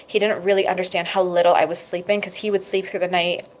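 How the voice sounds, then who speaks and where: A woman's voice: lowish voice, flat delivery, quick pace. A young woman, a mother, candidly telling her personal story to camera, with frequent fillers. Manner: candid, emotional at times, many fillers like "like".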